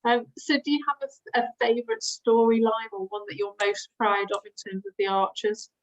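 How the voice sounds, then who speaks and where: A woman's voice: on the high side, little pitch movement, moderate pace. A woman interviewer asking questions and giving short, encouraging replies. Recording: dull, distant sound.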